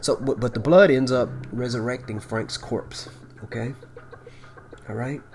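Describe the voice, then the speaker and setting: A man casually recapping a horror movie, animated and excitable, full of fillers and asides. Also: medium pitch, measured pace, a little hiss or hum. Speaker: movie reviewer.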